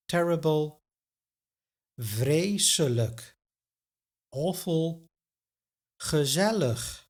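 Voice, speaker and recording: A man teaching a pronunciation lesson, carefully enunciating each example word and then giving its translation. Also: fairly high pitch. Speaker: Dutch language teacher.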